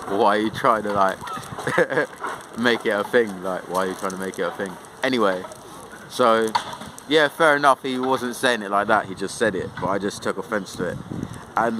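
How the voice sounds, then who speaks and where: A man's voice: fairly low pitch, background noise. Rambling young man, swearing freely. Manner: rambling, swearing, many fillers. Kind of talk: casual storytime.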